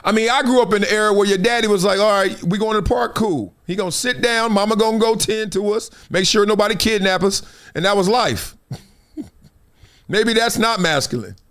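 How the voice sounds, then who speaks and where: A man in his fifties hosting a talk show, telling stories in a casual, animated way and acting out other people's lines. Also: high-pitched, brisk, clean tone. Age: 50s. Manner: animated storytelling, acts out quoted voices, frequent laughs. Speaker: show host.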